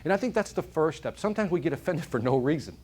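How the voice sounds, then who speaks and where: Animated male motivational speaker. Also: fairly high pitch, fast, husky. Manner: animated storyteller, asks the audience questions. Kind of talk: keynote speech to a live audience. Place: corporate event hall.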